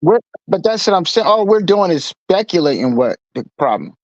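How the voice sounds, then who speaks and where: A man debating on a call, calmly pushing back and arguing that everyone is only speculating. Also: high-pitched, no echo. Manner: measured, pushes back calmly. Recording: dull call audio.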